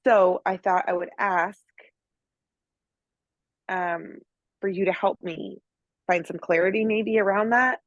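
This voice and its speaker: A woman's voice: medium pitch, fairly even intonation, slow pace, long pauses, no room sound, muffled recording. A woman on a group video call asking a coach a question, hesitant and full of self-doubt.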